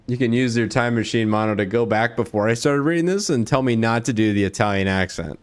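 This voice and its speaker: A man's voice: medium pitch, brisk, clean tone, no room sound. A man casually commenting while playing a video game, joking and offhand. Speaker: gaming streamer.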